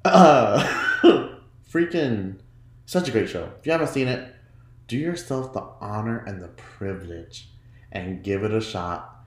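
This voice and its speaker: A man's voice: animated, a little slow. Chatty giggly man podcasting in an echoey room. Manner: chatty and giggly, jumps into high mock voices when quoting himself. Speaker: podcast host. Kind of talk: casual solo podcast chat.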